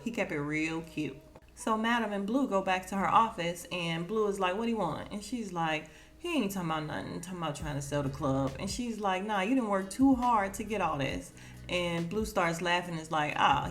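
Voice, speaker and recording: Chatty woman recapping a show. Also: mid-range voice. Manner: chatty, laughs often, acts out quotes. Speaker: podcast host. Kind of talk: casual recap chat.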